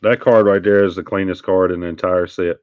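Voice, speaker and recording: A man's voice: low-pitched, fairly even intonation, a little fast, no room sound. A man hosting a live trading card break, chatting casually and teasing viewers with sing-song hype calls. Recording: dull lo-fi stream audio.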